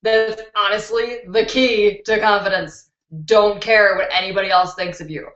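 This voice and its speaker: A woman's voice: mid-range voice, fairly even intonation, normal speed, fairly bright tone. A young woman hosting a beauty channel live stream, chatting candidly with viewers and laughing easily, recorded on a built-in computer mic. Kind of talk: casual live-stream chat answering viewer questions. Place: indoors at home. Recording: dull, roomy laptop-mic recording.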